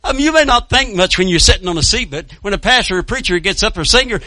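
High, bright-voiced folksy preacher man. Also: animated, fast, no room sound. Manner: folksy storytelling, calling out to the congregation. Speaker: pastor. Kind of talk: sermon with personal testimony.

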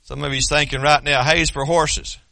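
Male preacher, high bright voice, folksy and fervent, dry close mic. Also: steady tone, moderate pace, vocal fry, dry recording. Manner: folksy, rising to shouted fervor. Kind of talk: sermon.

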